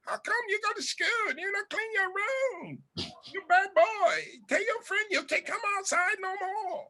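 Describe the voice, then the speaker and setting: A man's voice: animated, moderate pace, bright, forceful tone, heavily acted. A man putting on the voice of a nagging mother scolding her son. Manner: nagging, high-pitched. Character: scolding middle-aged mother.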